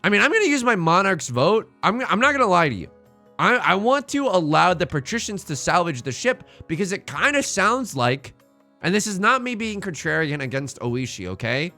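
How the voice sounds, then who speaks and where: Excitable young male streamer. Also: high voice, normal speed, faint music behind. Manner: excitable, joking, reads game text aloud to chat. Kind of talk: live-streamed game commentary.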